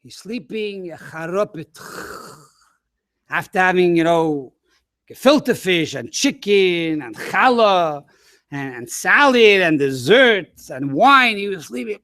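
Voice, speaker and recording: A man, a rabbi, telling an animated story to schoolchildren over a webinar. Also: high voice, slow pace, dry recording, studio quality. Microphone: webinar microphone.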